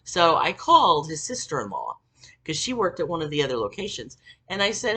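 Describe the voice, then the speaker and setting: A woman vlogger telling a rambling, profanity-laced story in casual talk, getting animated when worked up. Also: fairly low pitch, brisk, slightly rough.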